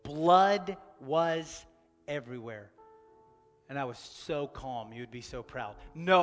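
A man in his thirties preaching a sermon as a pastor, telling a personal story and swinging from loud urgency to a soft, near-whispered hush. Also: a little high, in a large hall.

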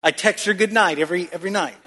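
A man's voice: sits high, quick pace, big-room sound, noisy background. A male pastor preaching a sermon in a church, throwing questions out to the congregation and calling for answers.

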